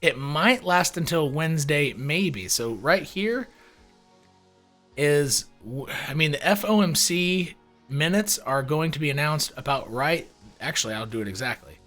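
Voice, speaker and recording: A man giving casual screen-share commentary on crypto charts, animated and wry, with mock-panicked asides and casual swearing. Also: on the high side, a little slow, faint music behind.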